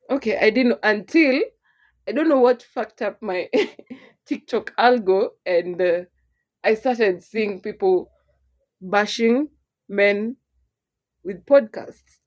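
Animated young Kenyan woman chatting. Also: on the high side, slow. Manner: animated, mixes English and Swahili, laughs often. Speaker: podcast co-host. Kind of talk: casual chat.

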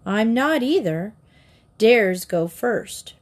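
A woman's voice: on the high side, lively intonation, very slow, heavily acted. A woman voicing a headstrong young girl in a storybook reading, with an eager, girlish delivery. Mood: defiant.

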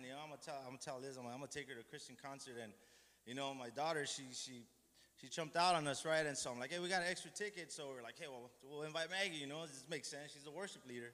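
A man's voice: mid-range voice, bright, forceful tone. Rambling man preaching in an echoey hall. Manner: rambling, self-deprecating, many restarts. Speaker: lay preacher. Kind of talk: informal sermon. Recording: echoey hall with long reverb.

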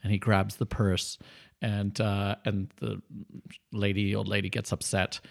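A man in casual conversation, telling stories in a lively way. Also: fairly low pitch, measured pace, creaky. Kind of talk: casual chat.

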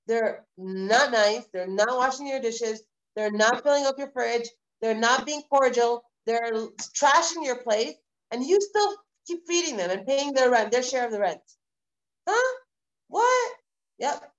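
A woman teaching a live online Torah class, lecturing in a lively, conversational way with repeated phrases and rhetorical questions. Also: a little high, lo-fi sound. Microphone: video call.

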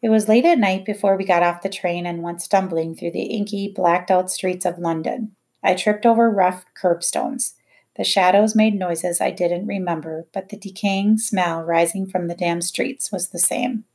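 A woman reading a novel aloud in first person, in a measured storytelling way. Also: fairly low pitch, steady tone, darkish tone. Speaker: audiobook narrator. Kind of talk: scripted narration.

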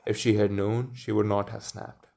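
A man reading a children's story aloud, pausing to muse and comment on it. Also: fairly low pitch, little pitch movement, vocal fry, darkish tone. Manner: muses aloud between passages. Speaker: reader.

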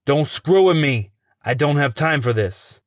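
A gruff, impatient detective snarls and barks his threats, as a man puts him on in a storybook reading. The voice is close and dry, with no room around it. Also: mid-range voice, unhurried, fairly bright tone, dry recording, close to an everyday voice. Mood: threatening.

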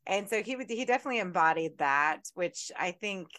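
A woman co-hosting a casual podcast, telling stories in an animated way with some swearing. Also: fairly low pitch, brisk. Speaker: podcast co-host. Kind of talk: casual chat.

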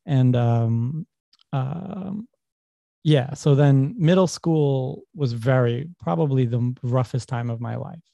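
Speaking slowly in a warm, creaky, medium-pitched voice, this New York podcast guest is a young adult man telling personal stories. He rambles, corrects himself, and laughs through the casual chat, with no room sound on the recording.

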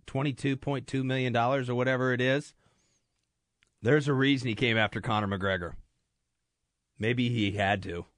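A man filling in as a sports radio host, joking around and rambling in a self-deprecating way. His voice sits at an ordinary middle pitch. It is recorded on a dry, close studio mic. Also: dry recording. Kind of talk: casual sports talk. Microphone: studio microphone.

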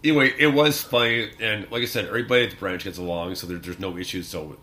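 A man's voice: lowish voice, steady tone, fast talker, sharp tone. Laughing, rambling male podcast host. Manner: laughs often, rambling storytelling with many fillers. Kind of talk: casual chat.

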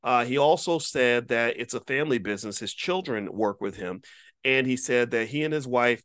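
A man's voice: mid-range voice, lively intonation, normal speed, fairly bright tone. A man giving a casual monologue to viewers as an online commentator. He speaks emphatically and preachily, with casual profanity, and repeats words when he restarts a thought.

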